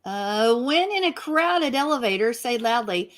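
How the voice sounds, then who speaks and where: A woman's voice: on the high side, lively intonation, measured pace. A woman co-hosting a casual chat, with a dry, teasing way of reading out gags. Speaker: co-host.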